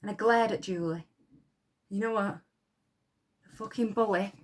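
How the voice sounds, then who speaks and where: An actress playing a blunt, defiant young wartime munitions worker with a Yorkshire accent, who swears freely and talks with scorn. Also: female voice, mid-range voice, moderate pace, lightly acted. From Yorkshire, England. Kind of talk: dramatic monologue.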